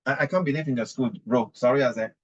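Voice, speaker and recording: Dull audio captures an adult man ranting indignantly about writing in conversation. He has a medium-pitched, slightly rough voice and a Singaporean English accent, talks fast, repeats himself emphatically, and switches into Mandarin and Singlish.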